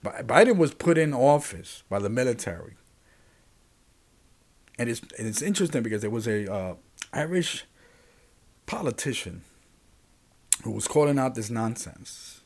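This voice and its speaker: A man's voice: mid-range voice, lively intonation, normal speed, pauses often, a little mellow. A man hosting his own podcast, talking casually and animatedly in a rambling monologue, often restarting sentences and speaking to his listeners. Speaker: podcast host.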